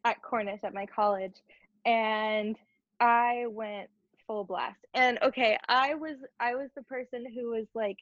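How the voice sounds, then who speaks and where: A young adult woman, a podcast guest, telling her story in a chatty, expressive way. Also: on the high side, measured pace, no echo. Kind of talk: conversational interview. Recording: dull, dry lo-fi audio.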